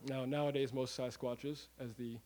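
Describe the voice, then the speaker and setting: A man giving a live comic talk to an audience, animated and rambling, with many fillers and the odd curse word. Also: mid-range voice, normal speed, low-quality recording. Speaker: comedic presenter.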